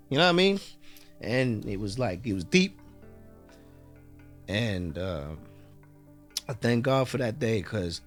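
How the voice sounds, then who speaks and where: Man from london sharing his story, gravelly, gets animated on the big points, faint music behind. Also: medium pitch. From London, England. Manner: heartfelt, rising to animated bursts when emphatic. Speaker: guest. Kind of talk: emotional interview storytelling.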